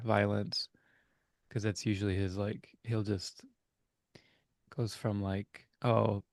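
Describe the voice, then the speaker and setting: A man's voice: lowish voice, creaky, darkish tone, no echo, studio quality. A young adult man co-hosting a casual reflective chat over a video call, talking in an earnest, rambling way as he searches for words. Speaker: co-host.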